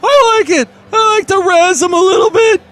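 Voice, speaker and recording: A shrill, squeaky floor man who loves stirring up trouble. He talks loud and gleeful, way up high. Faint music runs behind. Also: moderate pace. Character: scheming male floor man, gleeful instigator.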